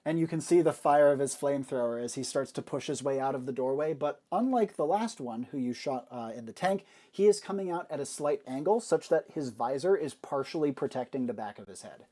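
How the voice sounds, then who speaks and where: A man's voice: mid-range voice, expressive, a little fast, hardly any pauses, mellow. A man narrating a tabletop game as game master, describing the scene with frequent fillers.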